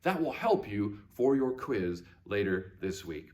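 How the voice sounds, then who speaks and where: A man teaching a children's lesson on video, his pitch swinging up and down with lively emphasis. He says each word slowly and repeats it so young learners can follow along. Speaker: Latin teacher.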